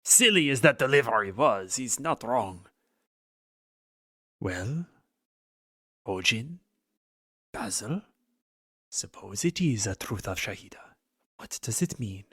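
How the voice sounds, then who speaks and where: A man's voice: medium pitch, animated, breathy edge, no room sound, studio quality, full character voice. A man doing a grave elder lizard god. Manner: measured, grave, quietly speculative. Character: calm elder male lizard-folk god.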